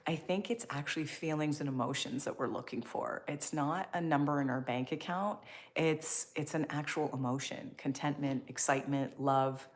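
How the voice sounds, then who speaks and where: A woman's voice: low-pitched, fairly even intonation, normal speed. A woman hosting a live stream, reading viewer comments and chatting in an upbeat, encouraging way. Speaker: livestream host.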